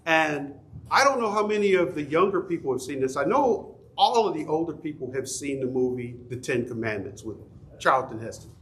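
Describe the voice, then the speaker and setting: Middle-aged male Bible teacher with a somewhat high voice, chatty, quizzes his class. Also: expressive, normal speed, fairly bright tone, slight background noise. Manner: conversational, folksy, asks the class questions. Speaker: Sunday school teacher. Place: church classroom.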